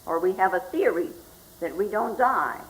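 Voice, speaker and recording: An older woman, a Zen teacher, giving a slow, reflective spoken talk and often asking "hmm?" as she goes. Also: medium pitch, animated, poor audio. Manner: slow and reflective, with frequent questioning "hmm?" asides.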